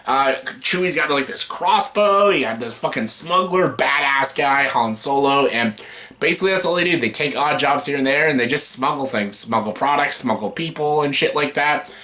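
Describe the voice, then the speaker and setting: A man hosting a casual movie chat, excitable, swearing freely and laughing often. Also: mid-range voice, moderate pace. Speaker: YouTube host.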